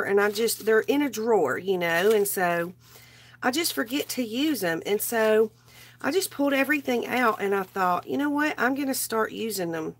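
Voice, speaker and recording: A woman's voice: on the high side, a little hiss or hum. Woman, craft live host, sick and strained, loose chatty rambling. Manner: rambling, greets viewers by name. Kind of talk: casual live chat while crafting.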